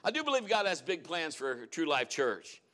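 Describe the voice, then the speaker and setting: A male pastor delivering a sermon in a church, his voice pitched a little above the usual for a man. He talks in a folksy, storytelling way, drawing on his own life as he preaches to the congregation. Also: sing-song, moderate pace, a bit bright.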